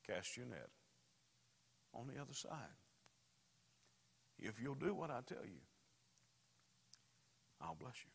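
A man voicing a calm, patient figure giving quiet, steady instructions. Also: on the low side, fairly quick, few pauses. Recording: reverberant church hall.

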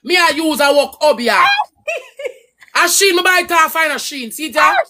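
A woman with a Jamaican accent, her voice sitting a little high, rants hotly through a livestream. She curses freely and her pitch swoops up and down as she scolds. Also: expressive, moderate pace. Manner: angry, cursing, loud and swooping. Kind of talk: heated livestream rant.

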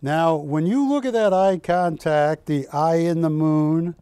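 A male shopping channel host leads a live sales presentation, chatty and full of anecdotes. He speaks slowly in a mellow, somewhat high voice. The sound is dry and close. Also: clean tone, no room sound.

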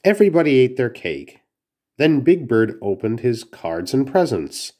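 A man's voice: mid-range voice, sing-song, a little slow, mellow. A man reading a children's storybook aloud, carefully, with small slips and restarts. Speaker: narrator.

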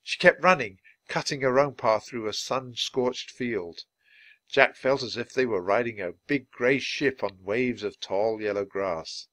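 Man reading a children's book aloud. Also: mid-range voice. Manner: clear, measured, lively reading. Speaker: storybook reader.

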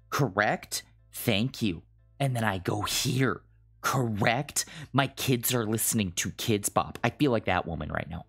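An exasperated gaming host rants to themselves at home, swearing through a punishing level. The voice leaps up and down in pitch as the frustration builds, with faint music underneath. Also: slightly rough. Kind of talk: frustrated gameplay commentary.

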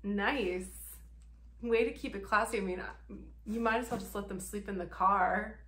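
A woman's voice: mid-range voice, fairly even intonation, moderate pace, fairly bright tone. A woman vlogger giving casual reaction commentary, sarcastic and profane, laughing often.

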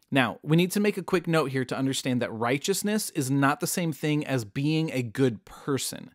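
A man's voice: fairly high pitch, lively intonation, normal speed, dry recording. Man, Bible teacher, comedic storytelling, jokey slang, dry close sound. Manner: casual and jokey, with modern slang.

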